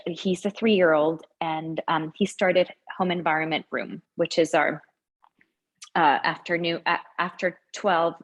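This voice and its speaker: A woman's voice: lowish voice, low-quality recording. A woman who runs a school hesitantly describes a difficult parent situation on a video call, with frequent restarts and concern. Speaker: head of school asking a question. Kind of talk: describing a problem to a consultant.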